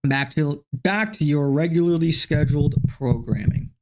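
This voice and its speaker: A man's voice: a little high, moderate pace. A man hosting a live stream, reacting to clips with profane, exasperated rants. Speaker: streamer host.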